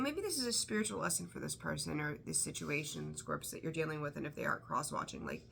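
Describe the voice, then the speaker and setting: A woman's voice: lowish voice, creaky, bright, forceful tone, slight background noise. A woman giving a casual tarot reading, rambling and swearing freely with exasperated outbursts. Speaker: tarot reader.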